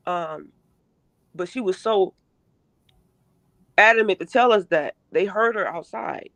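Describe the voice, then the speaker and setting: Emphatic halting middle-aged woman. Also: fairly low pitch, a bit bright, no echo. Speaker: interview guest, mother. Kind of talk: emotional first-person account.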